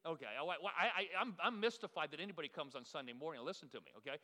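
A man's voice: fairly high pitch, lively intonation, racing, pushed and bright, in a large hall. A man preaching a sermon as the pastor, telling folksy, self-deprecating stories to his congregation. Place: church sanctuary.

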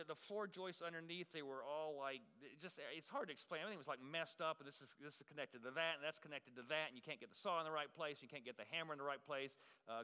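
Rambling self-mocking pastor in a hall. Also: male voice, fairly high pitch, pushed and bright, clean tone. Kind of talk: sermon. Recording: long hall reverb.

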